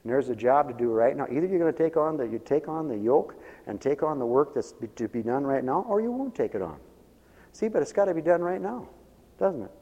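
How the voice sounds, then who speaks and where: A man preaching a sermon as pastor, swinging between quiet asides and loud emphatic calls. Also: a little high, lively intonation, fairly quick. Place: church. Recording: muffled church recording with long reverb. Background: radio ministry broadcast of a church service.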